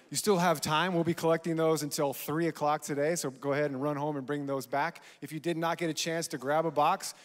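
A man making upbeat, friendly church announcements from the stage, his voice a little higher than most men's. He introduces the guest speaker with easy enthusiasm. His voice carries a long hall reverb. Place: large church auditorium.

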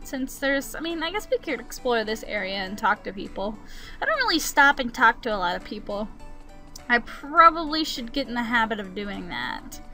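Bright-voiced woman chatting over gameplay. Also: a little high, sing-song, normal speed, soft background music. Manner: chatty, talks back to game characters. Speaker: gaming channel host. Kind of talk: casual gameplay commentary.

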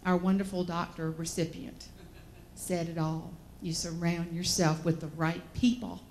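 A woman with a Southern American accent giving a humorous keynote, telling stories in an animated, folksy way. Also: medium pitch, measured pace. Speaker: motivational speaker.

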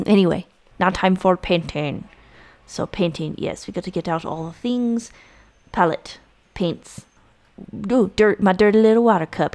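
A woman's voice: medium pitch, moderate pace, a little mellow, no room sound. Chatty woman narrating a craft project. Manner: chatty and self-deprecating, with filler words. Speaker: crafting video host.

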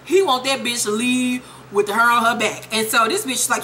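A young woman recapping a TV episode in a casual vlog, sassy, profane and animated. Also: on the high side, brisk, a little hiss or hum, rough recording. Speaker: TV show reviewer.

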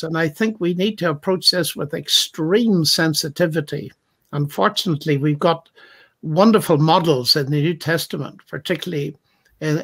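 A man's voice: a little high, fairly bright tone, husky. Reflective man retelling stories in discussion. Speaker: Christian apologist in a discussion. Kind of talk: thoughtful conversational discussion.

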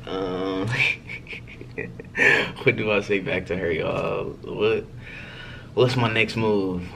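A man's voice: lowish voice, steady tone, extremely slow, vocal fry, pushed and bright, a little hiss or hum. A young man vlogging a text prank, chatting casually and playfully to his viewers, laughing often. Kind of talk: casual talk to camera.

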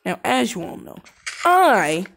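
A woman doing let's play commentary on a game, excitable and prone to shouting and laughing. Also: on the high side, slow pace, vocal fry, noisy background. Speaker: gameplay commentator.

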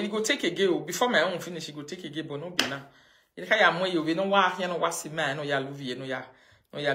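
A woman with a Nigerian accent chats with her fans on a live video, recorded on a phone. Her voice is bright and forward, and she tells stories in lively pidgin with frequent laughter. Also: fairly low pitch. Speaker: social media live streamer.

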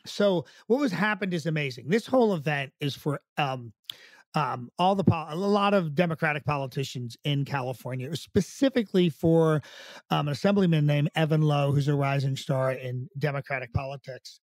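A man's voice: fairly high pitch, normal speed, dry recording, studio quality. Upbeat man telling stories on a video call. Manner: animated anecdote teller who acts out other people's lines. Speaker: guest, professional impersonator. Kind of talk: casual interview storytelling.

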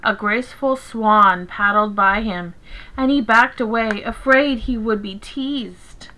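A woman teacher reading a picture book aloud to children, in a gentle, expressive storytelling manner. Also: fairly high pitch, slow, a little hiss or hum, low-quality recording.

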